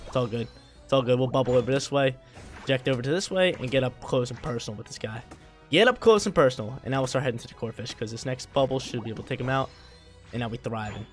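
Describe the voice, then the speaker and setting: A young man narrates his own gameplay as it happens, talking casually in gamer slang. His voice sits mid-range, and he keeps breaking into loud, hyped shouts. Faint music plays underneath. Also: medium pitch, fast talker. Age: young adult. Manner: excitable, slangy, bursts into loud hype. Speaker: gaming video creator. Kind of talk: live gameplay commentary.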